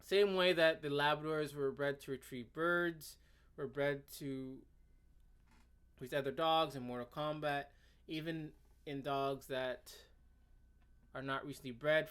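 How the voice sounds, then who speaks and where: A man's voice: fairly high pitch, steady tone, a little slow, clear, resonant tone. A man hosting a commentary video, reading a web page aloud and ranting about it in a sarcastic, exasperated way, stammering and restarting often. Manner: sudden swings between loud outbursts and muttering.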